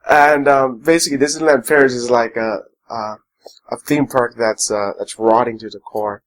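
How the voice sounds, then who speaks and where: A man's voice: mid-range voice, fairly even intonation, moderate pace, poor audio. Rambling, opinionated podcast man. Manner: opinionated, rambling, many fillers. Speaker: podcast co-host. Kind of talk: casual chat.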